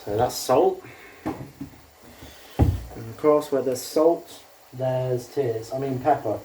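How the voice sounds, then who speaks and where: A man's voice: mid-range voice, slow pace. A young man with an ordinary mid-range voice walks through a recipe in dry, rambling banter, swearing as he goes. His voice echoes in a kitchen some distance from the mic, with noise humming underneath. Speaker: co-host cooking. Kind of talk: casual cooking chat. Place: home kitchen.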